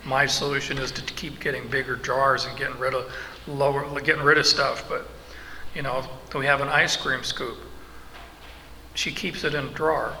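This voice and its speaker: Bright-voiced preacher in a reverberant hall. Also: male voice, medium pitch, flat delivery. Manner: slow, emphatic, with asides and restarts. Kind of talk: expository sermon. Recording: long hall reverb, faint background noise.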